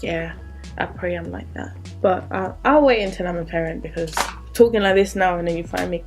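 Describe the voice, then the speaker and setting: A woman's voice: fairly low pitch, fairly quick, darkish tone, faint music behind. A woman in her twenties chatting candidly through a Q&A vlog, drifting into asides as she talks. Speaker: vlogger. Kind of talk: casual Q&A vlog.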